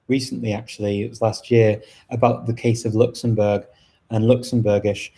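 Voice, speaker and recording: A middle-aged man chatting casually on a live stream, thoughtful and rambling, with frequent pauses and restarts. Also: mid-range voice, vocal fry, warm tone, breathy edge. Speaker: language channel host.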